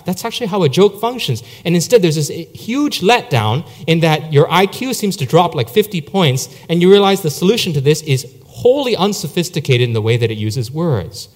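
A man delivers a sermon in an easy, storytelling way, full of asides and fillers. His pitch moves around a lot as he talks. The voice carries a long hall reverb. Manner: anecdotal, conversational with many fillers. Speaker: preacher.

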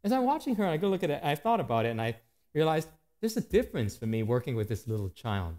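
A man in his thirties preaching a sermon to his church, animated and rising and falling in pitch and volume. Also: fast. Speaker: pastor.

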